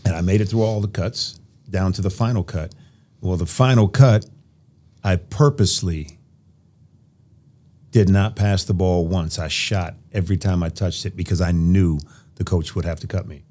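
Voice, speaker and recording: Man, from Nebraska, low mellow voice, podcast guest, animated storyteller, casual chat. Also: moderate pace, long pauses. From Nebraska, USA. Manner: animated storyteller, laughs while telling stories.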